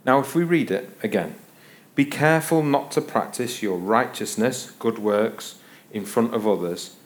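A man's voice: medium pitch, a little slow. A middle-aged man preaches with a playful, self-mocking storytelling manner. His voice sits in an ordinary middle register, and he moves easily from joking anecdotes into teaching. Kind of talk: sermon.

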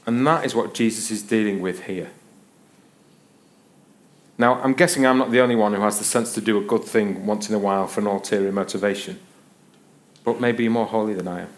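Self-mocking preacher. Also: male voice, on the low side. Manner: storytelling, self-mocking humor, acted voices in anecdotes. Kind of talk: sermon.

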